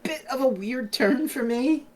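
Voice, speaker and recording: A woman co-hosting a casual review podcast, retelling scenes and acting out lines in quick voices. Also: sits high, darkish tone. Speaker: podcast co-host.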